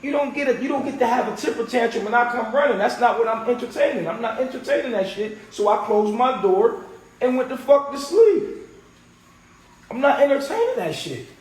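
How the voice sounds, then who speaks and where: A podcast host with an extremely high, brisk voice talks heatedly and profanely in a casual group conversation, animatedly acting out what people said. The recording has a roomy echo and faint noise.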